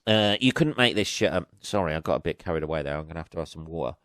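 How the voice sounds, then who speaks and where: A man's voice: extremely low pitch, animated, racing, a bit bright, dry recording, studio quality. A man hosting a solo podcast, ranting casually with lots of swearing and sarcasm, laughing at his own jokes. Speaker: podcast host.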